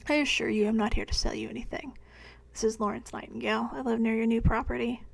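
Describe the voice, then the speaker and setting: Woman doing a polite anxious young man, pleading, slightly high, gravelly edge. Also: steady tone, fast.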